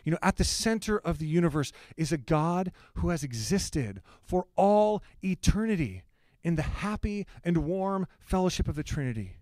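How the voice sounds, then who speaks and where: A man's voice: on the high side, lively intonation, moderate pace, darkish tone, dry recording, studio quality. A male pastor delivers a sermon in a conversational, earnest way, with humorous asides.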